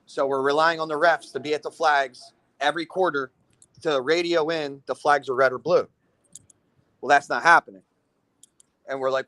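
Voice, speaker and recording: Guy with a highish voice ranting about a paintball game, swears a lot, says "right?" constantly, dry close sound. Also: dry recording. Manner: animated, profane, keeps asking "right?"; acts out other people's lines in quick bursts. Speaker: paintball team commander. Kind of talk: casual podcast storytelling.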